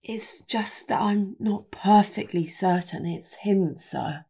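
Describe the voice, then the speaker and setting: A woman's voice: mid-range voice, slow pace, gravelly, dark tone, breathy edge, voice pushed up, exaggerated voice. A woman voicing a nervous, plain-spoken male footman who speaks hesitantly in a half-whisper in an audiobook. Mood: uneasy. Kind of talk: audiobook character voice.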